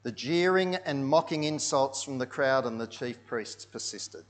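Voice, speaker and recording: A man's voice: medium pitch, lively intonation, unhurried. Man preaching with dramatic swells. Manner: dramatic storytelling, drops to hushed tones and swells loud. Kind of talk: sermon narrated over pictures.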